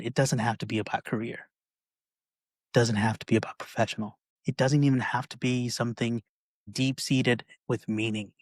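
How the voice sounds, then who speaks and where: Chatting conversationally on his podcast, this man keeps dropping in "right?" to check with listeners. His voice is mid-range, with no room sound.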